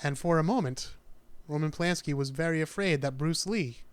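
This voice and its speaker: A man's voice: on the high side, brisk, smooth, no echo. A man hosting a podcast, telling a true-crime story in a casual, chatty way with dry jokes. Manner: chatty, dry jokes, acts out quoted people. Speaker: podcast host.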